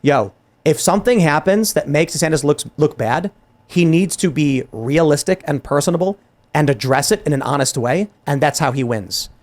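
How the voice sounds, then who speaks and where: Male talk host, 30s, higher register, heated and animated, stumbles and restarts a lot. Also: moderate pace. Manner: animated, exasperated, frequent restarts and quoted dialogue. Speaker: podcast host. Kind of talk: heated political commentary.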